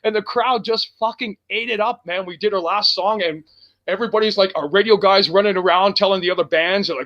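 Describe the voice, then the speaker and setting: Bright, high-voiced swearing rock singer. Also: male voice, fairly quick, highs cut off. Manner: rambling and profane, heavy with fillers. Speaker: guest, rock band singer. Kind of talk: casual road-story chat.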